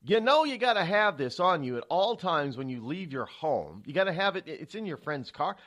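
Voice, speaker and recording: A man's voice: a little high, very animated, normal speed, a bit bright. A man hosting a talk radio show, giving solo political commentary in a rambling, indignant way, often repeating and restarting words. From United States.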